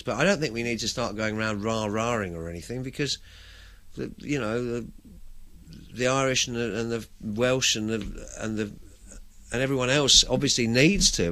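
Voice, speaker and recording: An English man riffs as a host in an unscripted, opinionated monologue. He rambles and restarts his sentences, and his pitch swings widely. His voice sits at a middle pitch for a man. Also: fairly bright tone. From England. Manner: rambling, chatty, frequent restarts.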